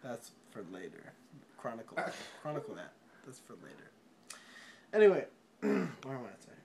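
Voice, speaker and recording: A drunk man rambling through a movie plot, swearing often, laughing and breaking into sudden loud outbursts. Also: mid-range voice, sing-song, moderate pace, vocal fry. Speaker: storyteller.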